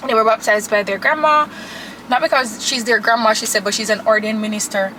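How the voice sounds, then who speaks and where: A young woman vlogging from her car, chatty and animated, gushing to her viewers. Her voice sits a little high. A steady air-conditioner hum and road noise run clearly underneath. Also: a little fast, low-quality recording. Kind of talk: casual chat to camera.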